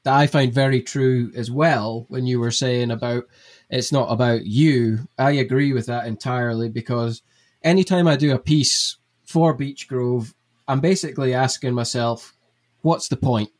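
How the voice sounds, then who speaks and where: Here the young TV gardening presenter is a chatty podcast guest, explaining things one step at a time in a casual conversation. He speaks in a mid-range voice with fairly even intonation and a moderate pace.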